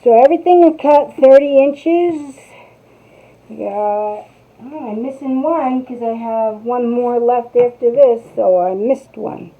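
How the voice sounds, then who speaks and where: A woman's voice: fairly high pitch, takes it slowly. A middle-aged woman with a North New Jersey accent, chatting in a rambling way as she hosts a craft tutorial and speaks to viewers. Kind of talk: casual chat while crafting. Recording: tinny phone-like sound.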